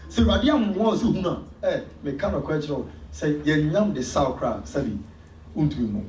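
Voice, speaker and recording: Ghanaian male pastor, sermon with sudden loud bursts, roomy hall echo, faint background hum. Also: fairly high pitch, expressive, fast talker. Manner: preaching with sudden loud emphasis, mixing in Twi. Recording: echoey church hall from far off.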